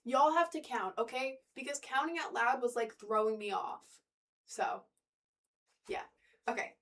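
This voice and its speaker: A woman's voice: on the high side, unhurried, long pauses. A woman chatting casually on a livestream, rambling and talking straight to her viewers. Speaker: streamer and cosplayer.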